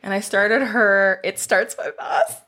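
A woman's voice: mid-range voice, steady tone, slow pace, bright, forceful tone. Bubbly woman podcast co-host. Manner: bubbly, laughs often. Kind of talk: casual chat.

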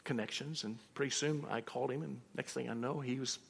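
A male pastor delivering a sermon full of personal stories, his voice gravelly with vocal fry. He acts out both sides of his conversations as he tells them. The sound rings with the long reverb of a large hall. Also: mid-range voice, steady tone, fairly quick.

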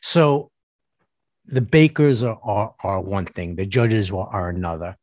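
A man's voice: fairly low pitch, a little slow, darkish tone, no echo, studio quality. A man ranting to camera as a vlogger, sarcastic and mocking, often stumbling and repeating words. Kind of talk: ranting commentary.

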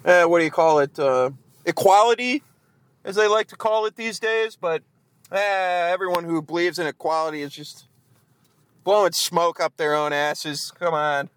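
A man's voice: fairly high pitch, normal speed, fairly bright tone, clean tone. A man giving a profane, grumbling post-game rant as a fan vlogger. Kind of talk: ranting post-game chat. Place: outdoors in the cold.

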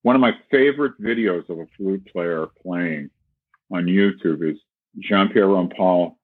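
A man with a deep, husky voice explains breathing technique in a relaxed, conversational way, now and then singing syllables to demonstrate. The sound is dry and thin, like a phone line. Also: measured pace, dry recording. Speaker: flute teacher. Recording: tinny phone-like call audio.

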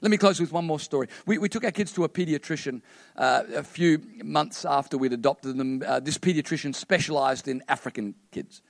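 Aussie pastor guy telling stories in a sermon, voice a bit high, goes soft and hushed near the end. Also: brisk, vocal fry, dry recording. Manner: conversational storytelling, softening to a hushed close.

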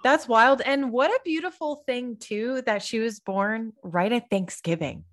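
A woman's voice: a little high, a little slow, a bit bright. A woman co-hosting a faith podcast, reacting to a guest's story with encouraging comments. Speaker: podcast co-host. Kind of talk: casual podcast chat.

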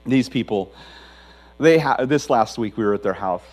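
A middle-aged male pastor preaching a sermon in a conversational, emphatic way, with a low hum behind him. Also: lively intonation, moderate pace, a little mellow, rough recording.

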